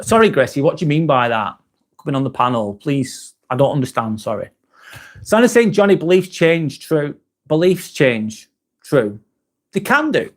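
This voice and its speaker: A man hosting a live stream, chatting casually, reading viewer comments aloud and swearing now and then. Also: on the high side.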